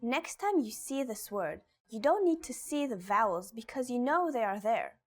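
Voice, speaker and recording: A woman reading a scripted language lesson, pronouncing example words slowly and carefully. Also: a little high, expressive. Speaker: Hebrew teacher.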